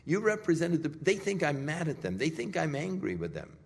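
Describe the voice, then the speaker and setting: A man's voice: a little high, huge pitch swings, fairly quick, vocal fry, slightly rough, pitched above the performer's own voice, exaggerated voice. A man voicing a stern but fatherly divine figure who speaks in a firm, reproachful way, in a sermon retelling. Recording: echoey hall.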